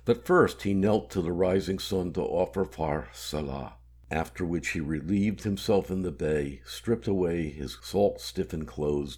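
Deep, husky male audiobook narrator. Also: a little mellow.

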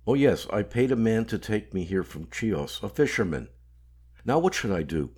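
A man's voice: fairly low pitch, big pitch swings, moderate pace, a little mellow, slightly rough. A man voicing a nervous, weary fugitive. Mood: anxious. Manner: anxious, breathless.

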